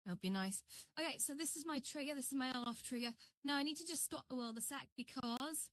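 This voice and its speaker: A woman with a high voice talks quickly on a live stream while she builds something, rambling and greeting viewers as she works. There's no echo in the audio.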